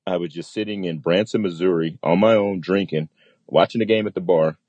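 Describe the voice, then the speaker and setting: Husky-voiced man telling a story. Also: deep voice, brisk, no echo, lo-fi sound. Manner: animated storyteller acting out quoted voices. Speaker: guest, military pilot. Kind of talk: storytelling in a casual interview.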